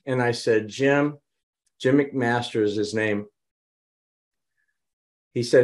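Male guest, mid-pitch, chatty storyteller who acts out quotes. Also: slow, long pauses. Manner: animated, dramatizes quotes. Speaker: business consultant guest. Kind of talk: conversational storytelling.

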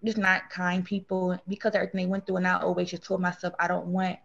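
A woman speaking earnestly and at length as an interview guest, rambling through a personal story of grief and getting animated when she quotes others. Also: lowish voice, quick pace, vocal fry, muffled recording. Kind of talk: emotional conversational interview.

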